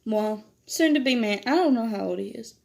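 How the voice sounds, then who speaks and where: A woman's voice: animated, moderate pace, gravelly, background noise. A teenage girl chatting casually in a vlog, telling stories while doing her makeup. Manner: chatty, laughs often, quotes others in higher voice. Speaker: vlogger.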